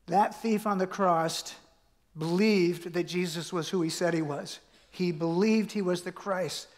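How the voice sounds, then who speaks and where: A high-pitched middle-aged man preaching in a church. He talks in a loose, conversational way, full of fillers and restarts. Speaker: pastor. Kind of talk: sermon.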